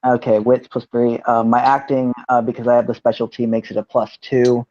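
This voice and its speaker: A man's voice: mid-range voice, level tone, brisk, a little mellow, no room sound, highs cut off. A man playing a tabletop game, rambling in the first person about what his character does. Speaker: player.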